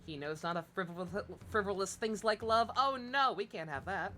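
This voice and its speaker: A woman's voice: mid-range voice, moderate pace, sharp tone, soft background music. A woman hosting a let's play, reading game dialogue and tossing in sarcastic, playful asides.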